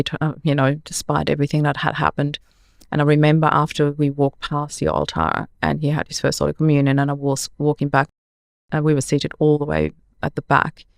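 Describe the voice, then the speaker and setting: Gravelly, steady-voiced woman telling her story. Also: low-pitched, no room sound, studio quality. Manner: earnest, heartfelt recounting with frequent "you know". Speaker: guest. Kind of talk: personal storytelling in a podcast interview.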